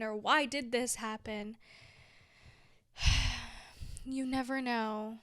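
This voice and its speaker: A young woman in her twenties talks slowly and earnestly, sharing life lessons with heartfelt emphasis. Her voice sits a little high, and she sometimes sinks into soft whispers. The recording is close and dry, with no room sound. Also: smooth, no room sound. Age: 20s. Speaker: vlogger. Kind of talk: heartfelt motivational talk.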